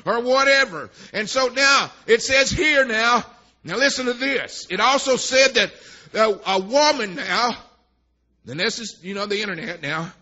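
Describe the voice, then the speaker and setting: A male preacher with a strikingly high, piercing voice delivers a sermon. He punctuates his phrases with "amen" and swings between low asides and shouting. The recording sounds dull and lo-fi. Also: lively intonation, a little slow.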